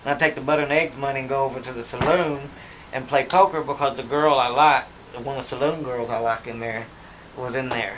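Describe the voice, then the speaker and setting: A man with an Oklahoma accent chats as a guest on a talk show. He tells stories in a folksy, chuckling way, at a middling pitch. There is a faint hiss under the recording. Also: fairly even intonation, fairly quick, fairly bright tone, poor audio. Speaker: actor guest. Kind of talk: casual interview chat.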